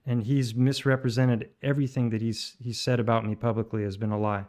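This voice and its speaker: A man hosting a livestream, commenting between played voice messages and talking in a halting way with many fillers. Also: medium pitch, level tone, a little mellow. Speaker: livestream host.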